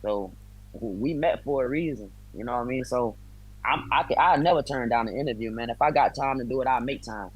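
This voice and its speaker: A man's voice: medium pitch, fairly quick, breathy edge, rough recording. A man, a bare-knuckle fighter from the US, chatting as a guest on a video call, friendly and talkative, with loose slang. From United States. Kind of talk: casual interview chat.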